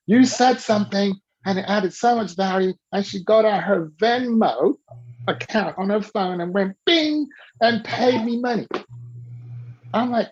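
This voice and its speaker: A man coaching a listener through an animated story, acting out the quoted dialogue with lively shifts in his voice. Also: sits high, measured pace, husky. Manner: coaching tone, tells the listener to repeat key rules. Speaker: business coach. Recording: dull lo-fi recording.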